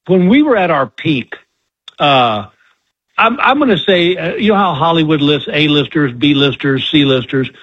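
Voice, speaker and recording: A man's voice: a little high, lively intonation, unhurried, a bit bright, husky, no room sound. An older male comedian telling candid, self-deprecating stories as a guest, with a dull lo-fi sound. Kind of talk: storytelling interview.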